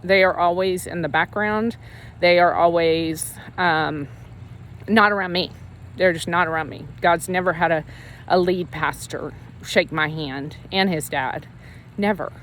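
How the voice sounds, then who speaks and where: A woman's voice: on the low side, a little slow, fairly bright tone, slight background noise. Earnest woman telling her faith testimony. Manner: earnest, emotional, rambling with restarts. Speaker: Christian ministry leader sharing her testimony. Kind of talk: personal faith testimony, casual storytelling.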